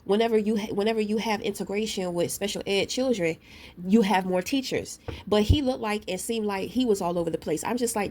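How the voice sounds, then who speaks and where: A woman ranting straight to her camera, blunt and profane, with a confrontational edge. Her voice sits at a middling pitch for a woman. She tells her story in loose, casual talk, full of asides aimed at the listener. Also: fairly quick, darkish tone. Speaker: vlogger; parent.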